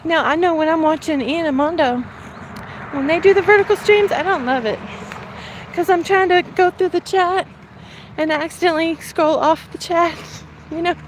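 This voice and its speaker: A high-pitched middle-aged woman talks live to her chat as she walks outside, slightly winded and quick to laugh. She reads out viewers' names and thanks them in a friendly, rambling way. Faint outdoor noise sits under her phone-mic voice. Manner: chatty, laughs often, thanks viewers by name. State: a little out of breath from walking. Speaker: livestreamer reading chat. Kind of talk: casual live stream chat. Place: outdoors, walking.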